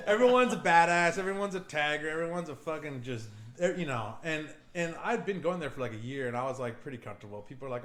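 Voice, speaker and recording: A man's voice: fairly high pitch, fairly quick, echoey room. Profane young man telling a story. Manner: profane, animated, laughs often. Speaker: podcast host. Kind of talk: casual storytelling.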